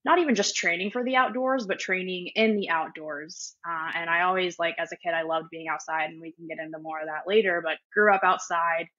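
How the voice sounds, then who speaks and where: A friendly woman guest who talks quickly, with a lowish but bright, forceful voice. Her audio sounds dull and lo-fi, with dry room sound. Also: steady tone. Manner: friendly, quick, with many fillers. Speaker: podcast guest, strength coach. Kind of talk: casual interview chat.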